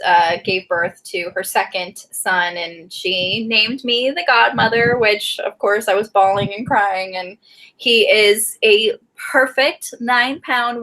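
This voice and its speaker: A woman's voice: mid-range voice, sharp tone, poor audio. A woman co-hosting a book club live stream, talking in a gushing, emotional way and laughing often. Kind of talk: casual live stream chat.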